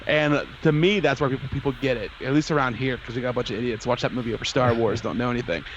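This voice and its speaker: A man's voice: medium pitch, steady tone, fast talker, highs cut off, slight background noise. A man co-hosting a casual live stream, rambling and repeating words, with some swearing. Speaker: podcast co-host.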